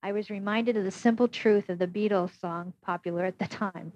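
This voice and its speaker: A woman narrating an audiobook in a steady, measured first-person reading. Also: medium pitch, no room sound. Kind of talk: scripted narration. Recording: dull, dry lo-fi recording.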